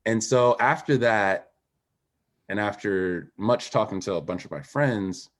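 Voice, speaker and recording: A man who is a former Olympic swimmer, a podcast guest telling a personal story in a candid and emphatic way, dropping quiet and then rising. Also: on the low side, unhurried. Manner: animated, emphatic, swings between quiet and raised.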